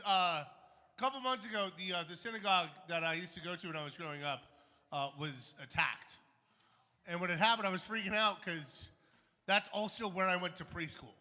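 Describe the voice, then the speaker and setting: A man doing a stand-up set on a comedy club stage, wry and punchy with dark jokes. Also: sits high, in a large hall.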